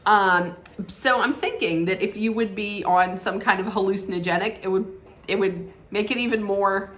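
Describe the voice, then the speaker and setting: A woman's voice: medium pitch, moderate pace, a bit bright. A woman vlogger handing out mock movie awards, talking casually and bluntly, often restarting and laughing. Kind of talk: casual opinionated vlog talk.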